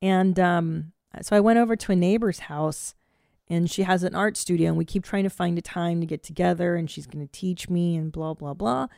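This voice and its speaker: A woman in her forties hosting a podcast, chatting casually and telling stories in a profane, self-mocking, animated way. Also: fairly low pitch, normal speed, gravelly, no echo, studio quality. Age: 40s. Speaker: podcast host. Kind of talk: casual solo chat.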